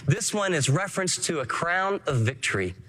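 A man's voice: a little high, sing-song, normal speed, pushed and bright. A man preaching a sermon as pastor, earnest and emphatic, acting out short quotes.

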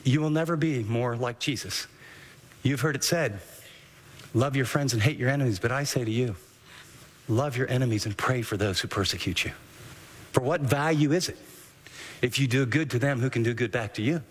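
A man preaching a sermon as a pastor, animated, acting out the thoughts of his listeners. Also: mid-range voice, normal speed, pauses often, husky. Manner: animated, acts out quoted inner voices. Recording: long hall reverb.

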